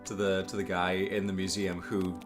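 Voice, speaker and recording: A man's voice: deep voice, flat delivery, normal speed, over music. A man co-hosting a casual gameplay stream, rambling through a story with lots of fillers and laughter. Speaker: co-host playing a video game.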